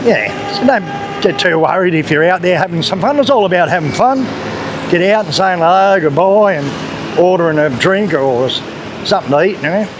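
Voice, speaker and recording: With a high-sitting voice and lively intonation, an Australian man walks city back streets for a travel vlog at a moderate pace. He's blunt, casual, and swears now and then, over loud traffic and motorbikes.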